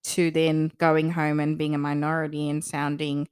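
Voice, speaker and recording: A woman's voice: low voice, monotone, a little mellow, smooth, no echo, studio quality. A woman co-hosting a podcast, chatting casually and agreeably with fillers. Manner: agreeable, quick back-and-forth with fillers. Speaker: podcast co-host.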